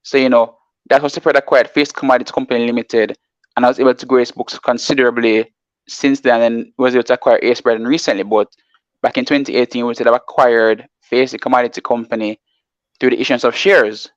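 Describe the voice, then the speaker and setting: A man's voice: mid-range voice, steady tone, quick pace, no echo. Male market analyst, explains at length, says "you know" a lot; dry, slightly dull audio. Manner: reads out formal text, then explains at length with many "you know"s. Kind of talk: explaining finance on a live show.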